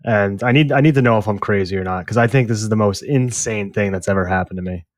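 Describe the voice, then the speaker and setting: A man co-hosting a movie podcast, telling an exasperated story in casual, animated chat with some swearing. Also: on the low side, fast, dry recording, studio quality. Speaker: podcast co-host.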